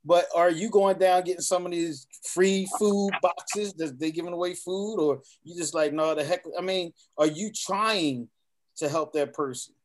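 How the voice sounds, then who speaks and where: A man with a slightly raised pitch talks in a casual group chat, emphatic and animated. He piles up rhetorical questions to press his point. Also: unhurried.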